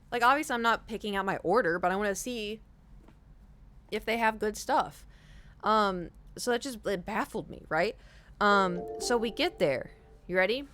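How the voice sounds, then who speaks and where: A young woman streamer telling a rambling story to her chat, animated, with lots of "like" and acted-out quotes. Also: mid-range voice. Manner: animated, rambling, heavy use of "like", acts out quoted speech.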